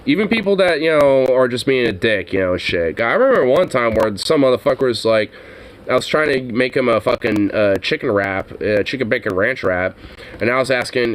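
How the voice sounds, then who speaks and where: A man's voice: mid-range voice, expressive, a little fast. A young man telling a story casually, rambling and swearing constantly. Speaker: streamer.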